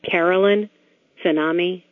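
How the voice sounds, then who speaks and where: A woman telling a plain, unhurried personal story about her own name. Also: fairly low pitch, fairly even intonation, dry recording. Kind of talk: personal anecdote monologue. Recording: narrow phone-like sound.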